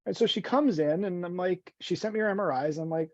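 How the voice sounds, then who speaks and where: A man's voice: high voice, a little fast, hardly any pauses, darkish tone, dry recording. Stammering man guest, dull dry audio. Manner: rambling, stammering restarts, self-deprecating. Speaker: guest, vitality coach. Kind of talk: casual podcast conversation.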